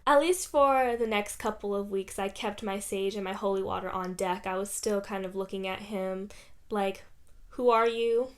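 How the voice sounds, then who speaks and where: A woman vlogger from Canada telling a personal story in a chatty, animated way, full of "like" and lively quoted dialogue. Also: mid-range voice, normal speed. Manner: chatty, lots of "like", animated when quoting others. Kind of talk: casual storytelling to camera.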